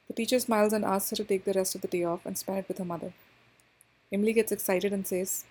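A woman narrating an episode recap in a steady, scripted telling. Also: medium pitch, quick pace, breathy edge, rough recording.

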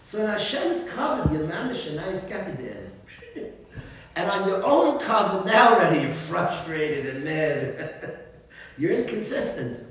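A man, a rabbi, giving an informal religious talk full of animated stories and frequent chuckles. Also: high voice, a little slow. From United States. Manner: animated storytelling, chuckles often. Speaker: rabbi teaching a class. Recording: very echoey room, distant mic, faint noise.

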